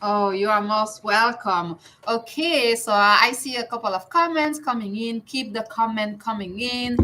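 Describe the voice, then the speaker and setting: A woman's voice: a little high, normal speed, sharp tone, rough recording. A woman hosting a casual livestream panel, upbeat as she greets guests and reads viewer comments aloud. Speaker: livestream host. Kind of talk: casual hosted panel chat.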